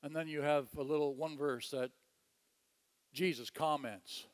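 A man preaching a sermon, telling a story with animated delivery, chuckling and repeating phrases. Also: a little high, unhurried, clear, resonant tone, in a large hall.

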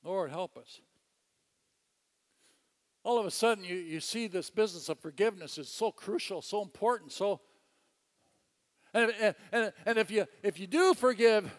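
A man preaching a sermon, telling a story with animated delivery, chuckling and repeating phrases. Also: sits high, moderate pace, pauses often, big-room sound.

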